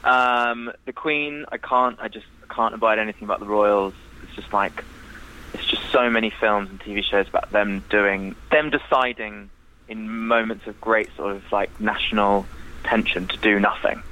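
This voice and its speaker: A young man chatting as a podcast guest, animated, laughing and swearing freely. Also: fairly low pitch, moderate pace, poor audio. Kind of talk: casual chat.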